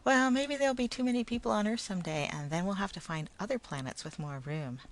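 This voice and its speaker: A woman's voice: mid-range voice, fast, voice pushed up, natural voice. Woman voicing a patient, kindly father.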